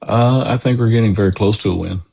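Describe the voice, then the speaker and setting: A man calling into a live stream to argue politics, halting with many fillers but firm in his views. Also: on the low side, creaky, dark tone, husky. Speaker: caller. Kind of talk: casual political debate.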